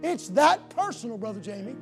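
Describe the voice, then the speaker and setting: A male pastor preaching a sermon in a church, swinging between shouted, drawn-out declarations and quieter, intimate appeals. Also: extremely high pitch, very animated. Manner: shouting preacher cadence with slow emphatic punches. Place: church sanctuary. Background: soft piano.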